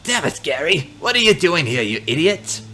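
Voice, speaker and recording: A man's voice: medium pitch, very animated, unhurried, bright, forceful tone. A man voicing a blind, cranky old man in a wheelchair who growls insults at his son in a scratchy voice. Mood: angry.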